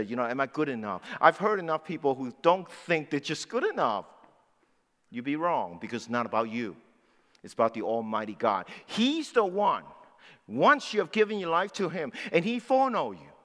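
A man in his sixties preaching a sermon as pastor, swinging between loud emphatic lines and low, quiet asides. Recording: long hall reverb.

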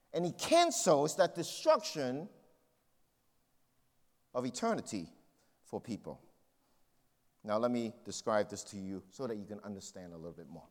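Brief: male pastor, sermon voice, lively up-and-down delivery, slightly high, hall reverb. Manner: conversational preaching with personal stories.

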